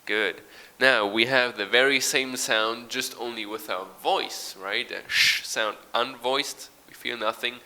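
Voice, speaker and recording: A man gives a recorded English pronunciation lesson, patiently explaining, modelling sounds and reading a short text aloud. His voice is medium pitch with a sharp tone, a little slow.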